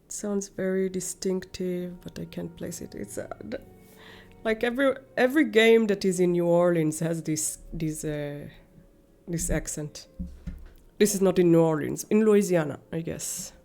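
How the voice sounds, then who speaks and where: Slow, gravelly-voiced woman streamer. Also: lowish voice, a little mellow. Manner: musing, halting, thinking aloud. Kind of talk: casual let's-play commentary.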